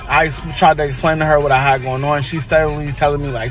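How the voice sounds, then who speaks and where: A man's voice: fairly high pitch, level tone, fast, few pauses, a bit bright, soft background music. A man recounting a frightening workplace story in a hesitant, casual story-time way, full of fillers. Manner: hesitant, filler-heavy retelling.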